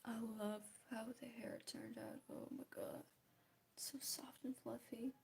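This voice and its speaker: Chatty woman painting, mellow voice. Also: a little high, level tone, measured pace, creaky. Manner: chatty, self-mocking, drifts into soft whispers. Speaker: art vlogger. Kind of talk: casual chat while painting.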